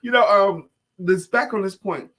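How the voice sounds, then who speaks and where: A man's voice: high-pitched, normal speed, fairly bright tone. A man co-hosting a live coaching talk show, talking in a casual, playful and emphatic way. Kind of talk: casual live-stream chat.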